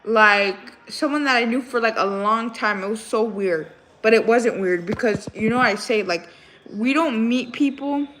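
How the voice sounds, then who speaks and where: A woman's voice: on the high side, moderate pace, a bit bright, a little hiss or hum. A young woman hosting a casual livestream, chatting and rambling through a story with lots of fillers. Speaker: livestream host.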